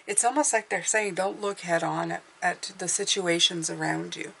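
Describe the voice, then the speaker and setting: A woman's voice: fairly low pitch, normal speed, gravelly, a bit bright, a little hiss or hum. A woman giving an intuitive tarot reading, speaking in a meandering, hesitant way as she thinks aloud. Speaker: tarot reader.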